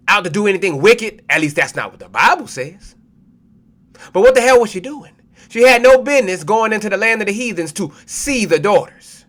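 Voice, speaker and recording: High-pitched fiery male preacher. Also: fairly bright tone. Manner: preachy, profane, calls out listeners as family. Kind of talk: fiery street sermon.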